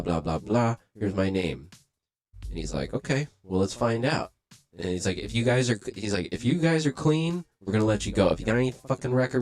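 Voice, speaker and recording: A young man with a lowish voice tells a story in loose, swearing street talk. He jumps into the voices of the people he quotes and keeps the telling lively. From Los Angeles. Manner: profane, animated, acts out quoted voices. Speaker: livestream host. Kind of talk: casual storytelling.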